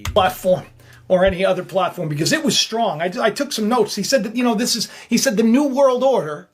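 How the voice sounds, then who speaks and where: A man's voice: sits high, fairly quick, dry recording. A man hosting his own online commentary show, rambling in a casual, jokey way and often repeating himself. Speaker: YouTube commentary host.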